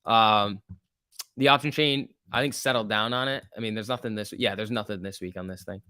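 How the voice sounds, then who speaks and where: A man's voice: lowish voice, fairly even intonation, a little fast, pushed and bright, dry recording, clean studio sound. A man hosting a stock trading livestream, talking casually about the market and answering viewer questions in a loose, filler-heavy way. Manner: loose and chatty, with many fillers like "like" and "um"; reads viewer questions aloud and answers them. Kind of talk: casual live market commentary, answering chat.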